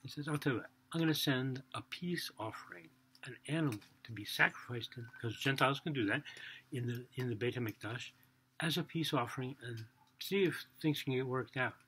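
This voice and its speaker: A man telling a religious story for children in a casual, animated way, acting out the dialogue and swinging between loud and soft. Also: medium pitch, a little fast, a little hiss or hum.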